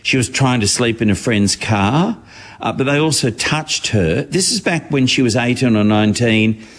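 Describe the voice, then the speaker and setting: A man's voice: mid-range voice, expressive, moderate pace. A man chatting wryly on the radio as a regular showbiz correspondent. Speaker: entertainment correspondent. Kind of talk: casual radio chat.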